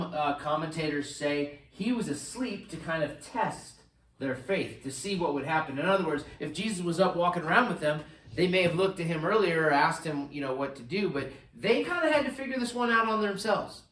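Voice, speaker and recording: A man preaching a sermon as pastor, animated, swinging between loud bursts and hushed lines. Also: a little high, normal speed, echoey room, recorded from a distance, rough recording. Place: church sanctuary.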